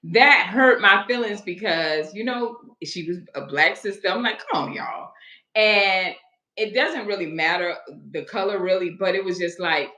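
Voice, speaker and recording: A woman's voice: mid-range voice, unhurried, sharp tone. A woman in her forties, a hairstylist hosting a live stream, telling a story in a chatty, digressive way and greeting viewers along the way. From Florida. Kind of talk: casual storytelling to a live audience. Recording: echoey room.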